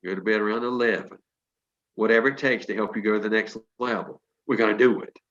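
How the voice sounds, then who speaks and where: A man's voice: fairly low pitch, fairly even intonation, fast, a bit bright, highs cut off. A man in his sixties giving an emphatic, preachy motivational pep talk to a sales team over a video call, with folksy storytelling.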